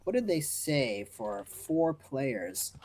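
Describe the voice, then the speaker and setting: A man's voice: fairly high pitch, very animated, slow pace, darkish tone, slight background noise. A man from New Jersey playing a tabletop game, easygoing and thinking aloud. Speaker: player. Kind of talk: casual chat.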